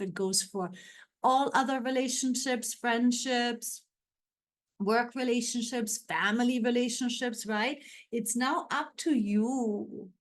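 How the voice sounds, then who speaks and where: A woman hosting a spiritual guidance podcast, speaking in an unhurried, affirming way with repeated phrases and frequent "right?" check-ins. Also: a little high. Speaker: spiritual coach and podcast host.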